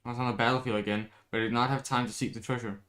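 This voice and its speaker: A man voicing an excitable teenage boy who panics easily, reading a comic aloud. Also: natural voice. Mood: puzzled. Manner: high-strung, quick to panic.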